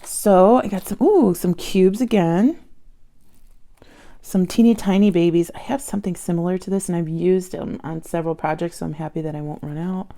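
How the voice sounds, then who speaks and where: Chatty, excitable woman with a lowish voice. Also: normal speed. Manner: chatty and excitable, gushing over finds. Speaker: bead jewelry vlogger. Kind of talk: casual haul chat. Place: at home with her dog nearby.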